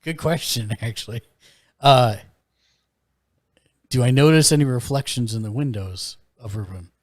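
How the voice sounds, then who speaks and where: A man's voice: mid-range voice, moderate pace, dry recording, studio quality. A man playing an online tabletop game, casually asking the game master questions with fillers. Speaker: player.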